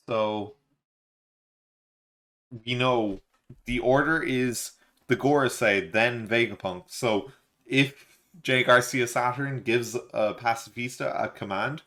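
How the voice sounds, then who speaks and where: A man with a fairly low voice chats through a live manga reading and reacts as he goes. He narrates panels loosely, slips in quick offhand character lines, and fills the gaps with plenty of uhs and ums. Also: fairly bright tone. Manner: reads panels aloud with offhand quoted lines, many fillers. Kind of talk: casual live read-along reaction.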